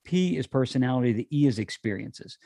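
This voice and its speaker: A man hosting an interview podcast, quick to affirm his guest and laying out points in order. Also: mid-range voice, lively intonation, vocal fry, dark tone, no room sound, clean studio sound. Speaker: podcast host. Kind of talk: casual interview chat.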